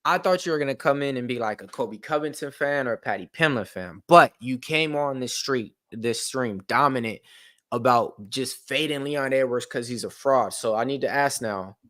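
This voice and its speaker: A man's voice: medium pitch, normal speed, fairly bright tone, dry recording. A man hosts a live fight-night stream, talking loose and rambling, with plenty of slang and filler words. His voice sits in a middle range. The sound is dry and close. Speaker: stream host. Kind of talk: casual live watch-along chat.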